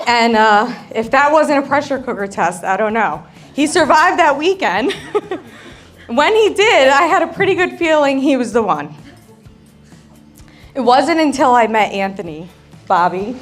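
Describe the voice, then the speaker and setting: The bride's sister gives a toast at a wedding reception, joking about herself and laughing often. Her voice sits high with big pitch swings and a slightly slow pace, with faint crowd noise and music behind her.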